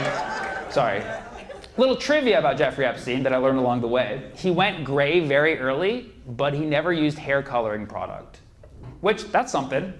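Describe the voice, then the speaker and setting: A man doing stand-up with a mock-serious, conspiratorial delivery. His voice sits a little high and swings widely in pitch as he builds each bit. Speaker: stand-up comedian. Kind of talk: stand-up routine.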